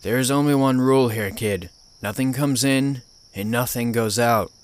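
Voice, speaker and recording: A man voicing a gruff, menacing old male caretaker on the phone in a spoken horror story. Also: medium pitch, moderate pace, lightly acted.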